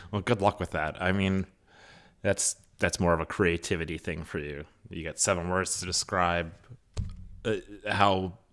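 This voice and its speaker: Chatty male teacher going over a play, bright voice, lowish pitch, lots of ums. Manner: chatty, with many fillers and asides. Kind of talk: recorded class lesson, reading a play aloud. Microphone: microphone recording.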